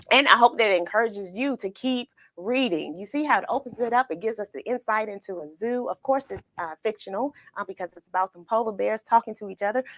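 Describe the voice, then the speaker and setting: A woman's voice: medium pitch, no room sound. A woman hosting a children's read-along livestream, talking tenderly and emotionally to viewers she calls friends. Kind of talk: casual livestream chat after reading.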